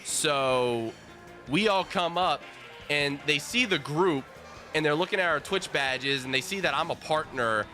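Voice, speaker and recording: A man streaming with viewers, telling a casual, animated story with plenty of swearing and restarts. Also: fairly high pitch, measured pace, soft background music. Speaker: streamer host. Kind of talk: casual storytelling while gaming.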